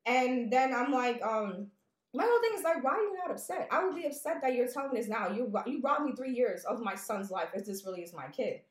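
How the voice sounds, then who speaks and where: A woman with a fairly high voice retells a dating story on a podcast, casual and animated. She acts out both sides of the dialogue with plenty of indignation. Her voice bounces around a roomy, echoey space. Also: a little fast. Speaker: podcast co-host.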